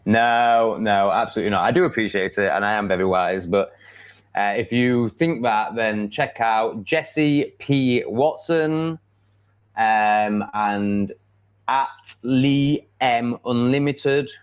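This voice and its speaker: A man's voice: lowish voice, slow pace, smooth. A man with an English accent hosting a casual live stream, rambling bluntly and confidently with plenty of ums and likes. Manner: rambling, blunt and self-assured, with many fillers. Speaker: livestream host. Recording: dull lo-fi stream audio.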